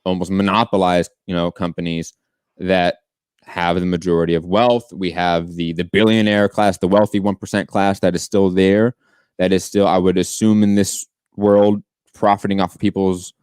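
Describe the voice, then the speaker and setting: A man with a low, smooth, resonant voice argues in a podcast debate. He presses his point with long, winding questions. The sound is dry and close. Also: flat delivery, normal speed, darkish tone, no room sound. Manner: probing, pushes back with questions. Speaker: podcast co-host. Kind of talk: political debate.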